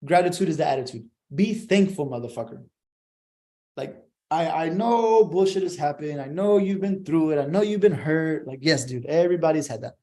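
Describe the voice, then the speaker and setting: A man's voice: on the high side, expressive, moderate pace, warm tone. A young man giving a profane, emphatic motivational monologue, swearing constantly.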